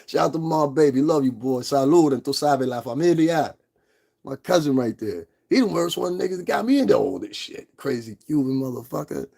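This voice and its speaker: Brief: profane, confrontational livestream host, gravelly and husky, laughs a lot. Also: male voice, medium pitch, lively intonation, fairly quick, darkish tone. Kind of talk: casual livestream rant.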